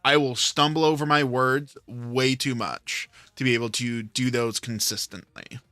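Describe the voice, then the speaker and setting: Slow, hesitant man on a casual stream. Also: mid-range voice, fairly even intonation, pushed and bright, dry recording, faint music behind. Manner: hesitant, many filler sounds. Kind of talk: casual chat.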